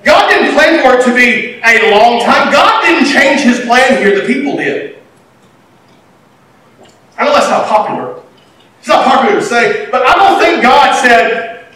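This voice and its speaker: A man preaching a sermon, animated, swinging between loud and quiet. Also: very high-pitched, a little slow, long pauses, a little hiss or hum. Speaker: pastor. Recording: echoey hall, mic at a distance.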